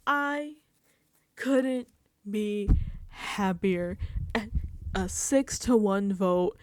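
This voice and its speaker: In a very slow, medium-pitched voice, a woman hosts a laid-back reality TV recap, lively and acting out her own reactions and quotes. She uses a desk microphone, and the recording is dry with clean studio sound.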